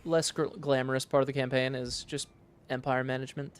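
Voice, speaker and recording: A man streaming a strategy game, commenting casually and thinking aloud in a relaxed, matter-of-fact way on a studio microphone. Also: medium pitch, a little fast, clean tone. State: sleepy, yawning. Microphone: studio dynamic mic.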